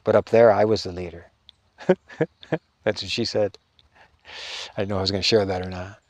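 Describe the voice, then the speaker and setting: A middle-aged man, a spiritual teacher, telling a meandering story in a halting way, full of restarts and trailing phrases. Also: low voice, little pitch movement, a little mellow, no echo.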